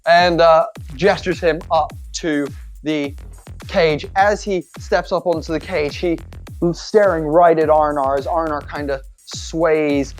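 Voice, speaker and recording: A man narrating a tabletop game as game master, animated, loose and jokey, full of filler words. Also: on the high side, a little slow, soft background music.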